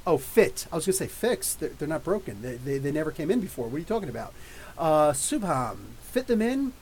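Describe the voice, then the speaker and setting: A middle-aged man hosting a live question-and-answer podcast, ranting in an animated, profane, mocking way. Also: a little high, brisk, slight background noise, rough recording. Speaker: podcast host. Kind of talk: live Q&A rant.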